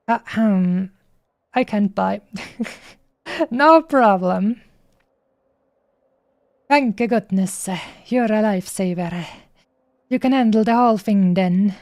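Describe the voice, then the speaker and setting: A woman's voice: mid-range voice, darkish tone. A woman streamer reading game dialogue aloud in a playful way, stopping often on fillers as she goes.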